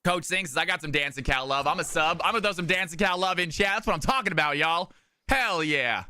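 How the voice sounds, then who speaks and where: A man with a high, very bright, cutting voice calls an esports match play by play on a live stream. He gets hyped and shouts over the big plays. Faint music runs underneath his desk-mic audio. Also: expressive, fairly quick. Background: faint background music.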